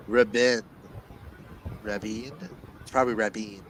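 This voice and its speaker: A man's voice: on the low side, fairly even intonation, moderate pace, a bit bright, a little hiss or hum, rough recording. A man hosting a book club show, chatting casually and reading a synopsis aloud while playfully tripping over unfamiliar names.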